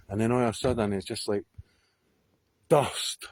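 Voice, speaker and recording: A man's voice: on the low side, fairly even intonation, normal speed, a little mellow, no room sound. A Scottish man telling a story to camera outdoors on a hillside, rambling, swearing freely and often laughing. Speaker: vlogger.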